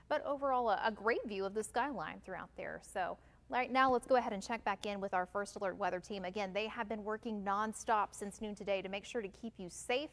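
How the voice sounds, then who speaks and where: Lively woman news anchor, reverberant sound. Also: a little high. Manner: lively, playful asides, then formal hand-off.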